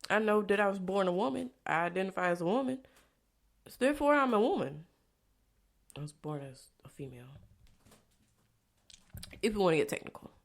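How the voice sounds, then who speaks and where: A woman vlogger telling a candid personal story in a blunt, profane way. She drops into low confiding tones and jumps to loud, exasperated outbursts, tagging lines with rhetorical questions. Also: lively intonation, brisk, creaky, pauses often.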